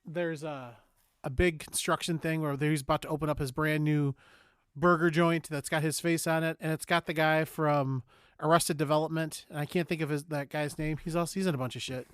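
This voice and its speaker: A man's voice: on the high side, fairly even intonation, brisk, clean tone, no echo, clean studio sound. A man co-hosting a podcast, chatting casually and animatedly, acting out movie lines as he goes. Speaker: podcast co-host. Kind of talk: casual chat.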